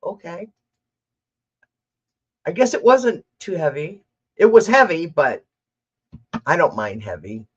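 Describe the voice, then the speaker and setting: A woman's voice: fairly low pitch, sing-song, takes it slowly, long pauses, husky, lo-fi sound. A woman doing a live tarot reading, chatting casually and thinking aloud as she corrects herself. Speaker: tarot reader.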